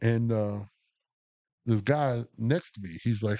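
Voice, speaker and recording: A man's voice: lowish voice, fairly even intonation, slow, warm tone. A man, co-hosting a podcast and telling a long, profane, rambling story full of restarts. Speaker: podcast co-host. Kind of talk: casual storytelling chat.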